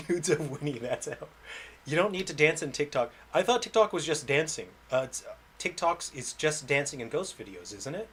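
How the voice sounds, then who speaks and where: A man's voice: on the high side, lively intonation, moderate pace, fairly bright tone, husky. A man, an indie game developer, chatting casually on a livestream, rambling and self-deprecating and often laughing.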